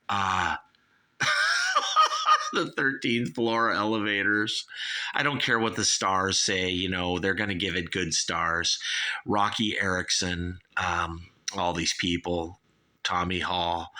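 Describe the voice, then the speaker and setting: Socal dude rambling about a record, slow and kinda low, bright edgy voice, says dude a lot. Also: male voice. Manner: slangy, rambling, keeps saying "you guys" and "dude". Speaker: album reviewer, show host. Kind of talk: casual album review monologue.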